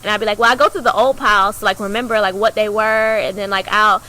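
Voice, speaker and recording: A young woman co-hosting a podcast, telling a personal story in a chatty way, acting out the voices of people in it with big jumps in pitch. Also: fast, low-quality recording. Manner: animated, acts out quoted dialogue with big pitch jumps; chatty, heavy use of "like" fillers. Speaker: podcast co-host.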